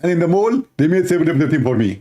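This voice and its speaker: A man's voice: fairly high pitch, animated, fast, warm tone, highs cut off, voice pushed up, lightly acted. A man playing a boastful husband back from paradise, pompous and bossy.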